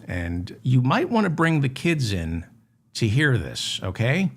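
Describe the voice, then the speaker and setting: Male comedy news host, dry and mock-grave, slow-paced, wide-ranging pitch. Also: creaky. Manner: deadpan mock-serious, with sudden indignant outbursts. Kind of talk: satirical news monologue.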